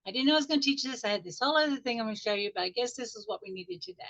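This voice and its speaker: Soft-spoken woman coach on a call. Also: a little high. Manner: soft, unhurried guiding voice that turns chatty and animated when explaining. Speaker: life coach. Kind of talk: guided meditation and teaching on a live group call. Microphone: video call audio. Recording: dull lo-fi video call sound.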